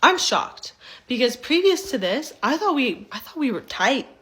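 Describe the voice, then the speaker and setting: A woman's voice: sits high, moderate pace, low-quality recording. Young woman telling a storytime. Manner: animated, mimics voices in quotes. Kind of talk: casual storytime.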